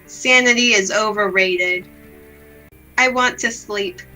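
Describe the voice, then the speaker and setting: A woman reading aloud the lines of a gloomy, self-blaming young woman from a visual novel, in a slow, subdued, melancholy way. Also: mid-range voice, bright, forceful tone, faint music behind, poor audio.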